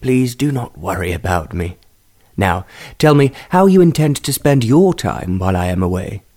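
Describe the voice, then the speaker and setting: A man voicing a gentle, formal aristocratic father in a storybook reading, speaking softly and kindly. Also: lowish voice, big pitch swings, moderate pace. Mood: soothing.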